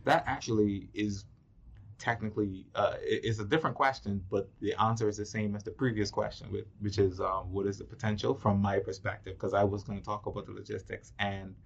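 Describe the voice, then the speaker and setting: A man, a filmmaker guest in an interview, explaining things in a measured, step-by-step way. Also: fairly low pitch, fairly even intonation, creaky, slightly rough. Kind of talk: casual interview chat. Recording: muffled lo-fi audio.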